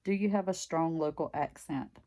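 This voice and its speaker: An older woman with a deep Southern country accent, chatting in a rambling way while stitching for a craft vlog. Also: normal speed, warm tone. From Mississippi, US. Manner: rambling, chatty, filler-heavy. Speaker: craft vlogger. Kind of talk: casual chat while stitching.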